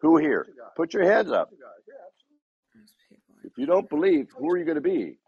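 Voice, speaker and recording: A man's voice: a little high, big pitch swings, moderate pace, a little mellow, husky, no room sound, muffled recording. A man giving a motivational talk to a sales team, rousing the room with repeated rhetorical questions. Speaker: speaker addressing a dealership sales team.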